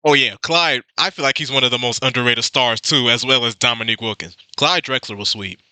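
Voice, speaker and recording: A man's voice: mid-range voice, brisk, sharp tone, smooth. A man hosting a reaction video, chatting casually and laughing often at the clips.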